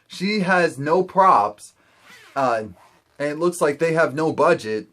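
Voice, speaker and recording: A young man casually recapping a TV episode, quickly acting out the characters in quoted asides. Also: fairly high pitch, lively intonation, a bit bright. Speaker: TV recap host.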